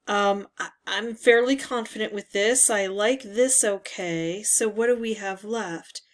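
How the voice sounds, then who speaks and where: A woman hosting a word puzzle video, musing slowly as she reads the words aloud one by one. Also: mid-range voice. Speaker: word game video host. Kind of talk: casual puzzle talkthrough.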